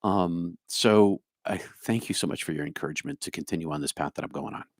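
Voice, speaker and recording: Answering his live chat on a stream, a middle-aged New Jersey man who speaks on spiritual matters calls viewers by name, muses, and hums under his breath. He talks briskly in a low voice, and the studio-quality recording is dry.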